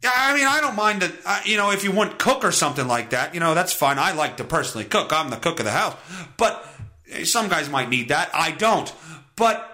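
Male podcast host in a loud, profane comic rant; high, lively voice swinging wildly in pitch. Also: a little fast. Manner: profane, loud, bursts into yelling. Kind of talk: comedic rant while reading an article. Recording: echoey room.

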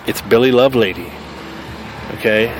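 A man with a Southern US accent hosts a podcast in a casual monologue, speaking with a medium-pitched voice at normal speed over slight background noise. He talks bluntly and combatively and cusses freely.

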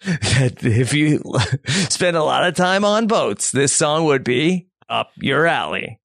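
A man co-hosting a podcast, introducing segments in a deadpan way and setting up jokes with a straight face. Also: on the high side, slow, gravelly, no echo, studio quality. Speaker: podcast co-host.

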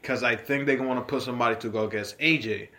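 A man co-hosting a casual podcast, talking in a chatty, excited way while drinking shots. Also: medium pitch, fast. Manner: excited, chatty wrestling fan talk. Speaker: podcast co-host. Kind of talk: casual chat.

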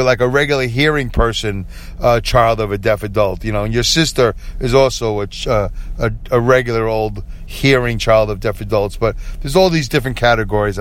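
A man in his forties hosting a podcast, rambling alone with self-deprecating humor and frequent chuckles. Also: mid-range voice. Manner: self-deprecating, chuckles often, animated when quoting himself. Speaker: podcast host. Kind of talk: rambling solo podcast monologue.

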